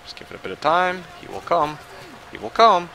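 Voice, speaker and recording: A gaming livestreamer with a high voice gives casual live commentary on an online shooter, talking a little fast, muttering and swearing, then breaking into yells and laughter. There's slight background noise.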